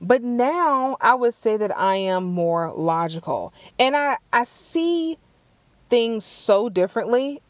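A woman's voice: fairly high pitch, expressive, slow pace, no room sound. A young woman hosting a podcast, chatting earnestly on her own as she answers question cards, often repeating words while she searches for what to say. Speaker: podcast host. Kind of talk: casual solo Q&A chat.

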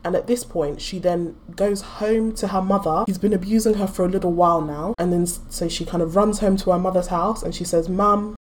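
A woman hosting a podcast, telling stories in a blunt, animated, joking way. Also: lowish voice, fairly quick, hardly any pauses, slight background noise. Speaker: podcast host. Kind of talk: casual chat.

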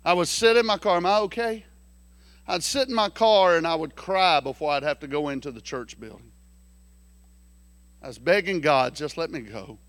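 A pastor, telling a folksy story in a sermon and swinging between hushed lines and shouted ones. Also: male voice, a little high, normal speed, no room sound.

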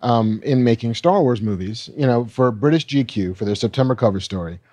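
A man co-hosting a podcast, talking through entertainment news in a relaxed, conversational way. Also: medium pitch, fairly quick, no echo. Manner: relaxed, conversational, fond of reading quotes aloud. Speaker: podcast co-host. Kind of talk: casual entertainment news chat.

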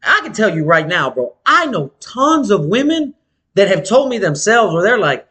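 A man chatting casually as a podcast co-host, telling animated, slangy, profane stories. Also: normal speed. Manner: animated storytelling, swings pitch wide, slangy and profane. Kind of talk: casual chat.

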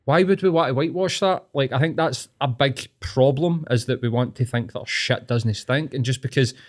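A man's voice: medium pitch, normal speed. Blunt, sweary Scottish man. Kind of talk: casual chat.

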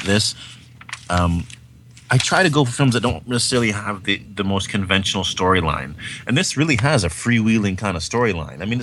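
Podcast co-host, male, deep and crisp-toned, chatty and excitable, faint hiss behind. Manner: enthusiastic, rambling, peppered with fillers and "man". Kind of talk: casual film-review chat.

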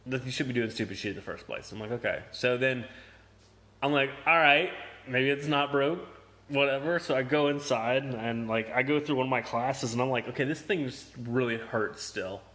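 A man's voice: medium pitch, a little fast, fairly bright tone. Young guy telling a story on a podcast, cusses a ton, laughs, does everybody's lines. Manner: profane, laughing, acts out quotes. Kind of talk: casual storytelling chat.

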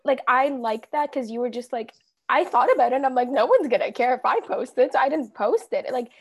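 A woman's voice: high-pitched, lively intonation, fairly quick. A woman from Canada with a Canadian accent, hosting a casual podcast chat and repeating words as she gets going. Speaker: podcast host.

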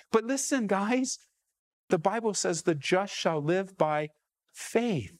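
Male pastor, sermon delivery, fairly high voice, dry close sound, punchy rhetorical questions. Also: expressive, slow pace, no room sound. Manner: emphatic, rhetorical questions to listeners.

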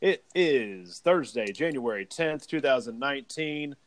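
A man's voice: medium pitch, expressive, a little slow, dry recording. Young male host, casual and rambly, dry close-miked sound. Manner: rambling, many fillers. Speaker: podcast host. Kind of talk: casual podcast chat.

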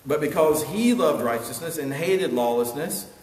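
A man preaching a sermon earnestly, building to emphatic peaks and then dropping quiet. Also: fairly high pitch, animated, moderate pace, a little hiss or hum. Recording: echoey hall with long reverb, faint ambience.

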